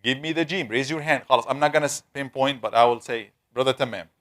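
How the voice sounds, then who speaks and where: A man leads a live online Tajweed class, slowly sounding out each Arabic letter several times. His voice sits at a middle pitch, and he keeps a patient, steady teaching manner while he calls on students one by one.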